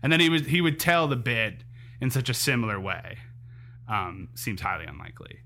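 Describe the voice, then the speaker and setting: A man co-hosting a chatty podcast in a very bright, sharp voice. He retells stand-up bits with lively energy. He stumbles into asides and acts out punchlines. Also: medium pitch, moderate pace, gravelly. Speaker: podcast co-host. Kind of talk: casual podcast chat.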